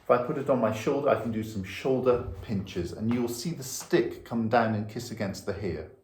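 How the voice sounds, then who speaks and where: A man's voice: medium pitch, normal speed, darkish tone. A man teaching violin, patiently explaining bow technique step by step while demonstrating. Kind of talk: instructional lesson. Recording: echoey room with violin.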